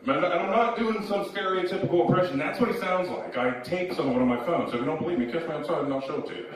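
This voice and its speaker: A man doing stand-up, telling a long story with loud, animated bursts when he acts out the people in it. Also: a little high, fast. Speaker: stand-up comedian. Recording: echoey room, heard from a distance.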